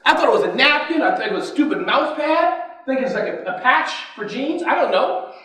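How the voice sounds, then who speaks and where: Energetic male conference speaker, interactive, recorded from a distance in a roomy hall. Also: extremely high pitch, fairly quick. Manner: energetic, keeps quizzing the audience. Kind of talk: motivational business talk. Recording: echoey hall, distant mic.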